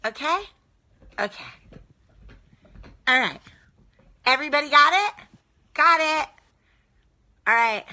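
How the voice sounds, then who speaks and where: Woman doing a high, drawn-out, sugary doting wife; bright, syrupy, preachy. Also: expressive, full character voice. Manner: syrupy and slow, preachy to the ladies.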